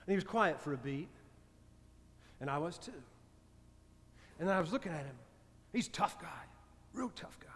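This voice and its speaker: A man, a priest telling a story in a conversational sermon that often sinks to a soft, hushed voice. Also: on the high side, animated, moderate pace, pauses often. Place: church sanctuary. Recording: reverberant church sanctuary.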